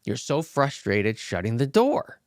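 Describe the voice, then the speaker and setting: A man playing a calm, patient old monk. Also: medium pitch, dry recording, studio quality. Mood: explaining. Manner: calm, measured, teacherly.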